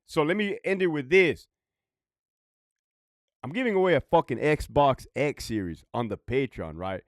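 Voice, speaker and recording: A man's voice: a little high, animated, unhurried, no room sound, clean studio sound. A man who is a former prison guard, ranting profanely in a casual vlog, rambling and often laughing.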